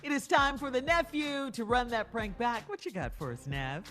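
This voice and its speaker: Give me a woman radio co-host with an animated, announcer-like voice. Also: fairly high pitch, normal speed, faint music behind. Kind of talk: radio show banter. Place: radio studio.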